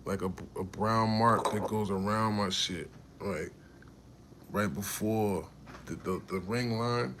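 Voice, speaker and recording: A man casually telling a personal story to camera, animated and profane, restarting his sentences often. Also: fairly low pitch, slight background noise.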